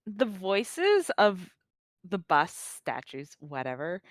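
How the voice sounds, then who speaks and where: A woman's voice: lowish voice, huge pitch swings, slow pace, no room sound, clean studio sound. A woman co-hosting a podcast, chatting casually and making fun of herself. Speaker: podcast co-host. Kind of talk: casual chat.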